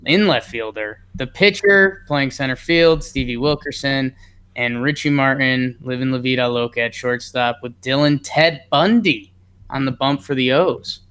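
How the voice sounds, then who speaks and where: A man co-hosting a casual baseball podcast, reading the lineup and telling stories in a joking, animated way. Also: medium pitch, a little slow, clear, resonant tone. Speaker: co-host. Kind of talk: casual sports podcast chat.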